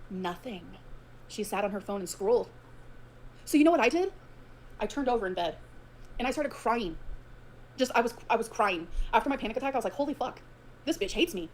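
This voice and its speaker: A woman's voice: a little high, slight background noise. A woman ranting to her viewers, profane and emotional, swinging between grievance and sarcasm. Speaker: streamer ranting on her own stream. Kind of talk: rapid unfiltered rant.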